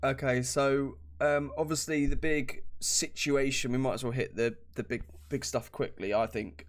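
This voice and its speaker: A man's voice: mid-range voice, fairly even intonation, normal speed. Laughing British man on a podcast. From Britain. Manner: rambling, laughs often. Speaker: podcast co-host. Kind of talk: casual podcast chat.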